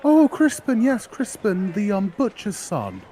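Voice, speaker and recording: A man's voice: high-pitched, huge pitch swings, unhurried, a crowd in the background, voice pushed up, heavily acted. Bubbly flower girl, voiced by a man. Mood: eager sweet. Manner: eager, flustered, stammering. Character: cheerful young woman selling flowers.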